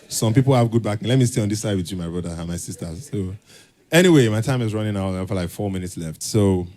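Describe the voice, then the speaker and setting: Man giving a lively conference talk. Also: on the low side. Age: young adult. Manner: animated, acts out dialogues, builds to emphatic urging. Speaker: conference speaker. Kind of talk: motivational talk with comic skits. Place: conference hall stage.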